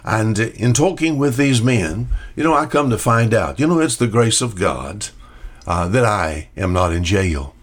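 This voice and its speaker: A man's voice: lowish voice, expressive, measured pace. An older man giving a short radio Bible talk as preacher, folksy, often repeating questions and answering imagined listeners.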